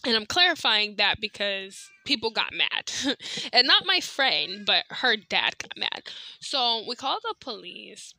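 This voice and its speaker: Bright-voiced young woman telling a story. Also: mid-range voice, very animated, unhurried, creaky. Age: young adult. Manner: chatty, heavy filler words, candid and profane. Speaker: podcast host. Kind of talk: casual storytelling monologue.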